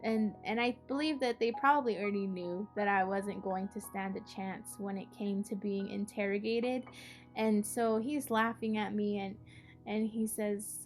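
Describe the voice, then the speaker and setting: A woman's voice: medium pitch, steady tone, normal speed, soft background music. A young adult woman hosting an art session, telling a personal story in a casual way with many "like"s and "you know"s. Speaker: art project host and storyteller.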